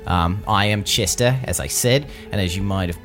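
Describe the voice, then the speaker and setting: A man's voice: low voice, normal speed, fairly bright tone, soft background music. A man voicing a nervous, chatty male wanderer who stammers and rambles in a put-on British accent. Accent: British-sounding put-on.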